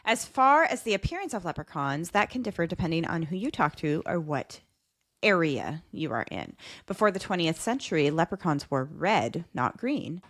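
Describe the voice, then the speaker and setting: Chatty animated woman co-host. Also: lowish voice, normal speed. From New York, USA. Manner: laughing, bantering, tries put-on accents. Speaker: podcast co-host. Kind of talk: casual chat, reading folklore notes.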